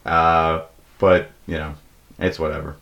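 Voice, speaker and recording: A man's voice: measured pace, muffled recording. A young man hosting a podcast, telling rambling comic stories with plenty of swearing and acted-out quotes. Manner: profane, animated, acts out quoted people in a high voice. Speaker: podcast host. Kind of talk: casual comedic storytelling.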